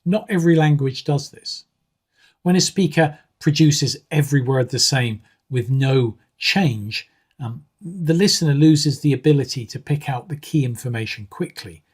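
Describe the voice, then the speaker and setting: A man with a husky, slightly breathy voice explains pronunciation like a patient teacher. He speaks at a middling pitch in a measured way, often filling pauses with um and uh. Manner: measured, with frequent um and uh fillers. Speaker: English exam teacher. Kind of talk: explanatory video lesson.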